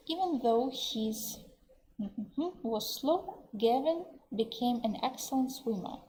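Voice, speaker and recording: A woman with a Russian accent teaching English vocabulary in an online webinar, explaining words slowly and translating them into Russian. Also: on the high side, mellow, a little hiss or hum, rough recording. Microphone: computer mic on a webinar.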